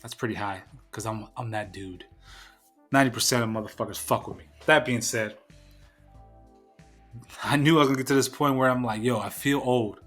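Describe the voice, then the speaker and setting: A young man hosts his own podcast alone, ranting in a blunt and profane way. His voice sits in a middle pitch. Faint music plays quietly underneath him. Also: a little fast, long pauses. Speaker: podcast host. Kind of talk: casual solo podcast rant.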